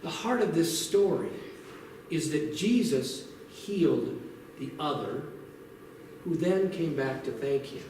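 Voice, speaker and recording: A man preaching a sermon to his congregation in a lively, conversational way, asking them questions as he goes. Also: fairly high pitch, takes it slowly, recorded from a distance, slight background noise. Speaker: pastor. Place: church sanctuary. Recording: very echoey church recorded from afar.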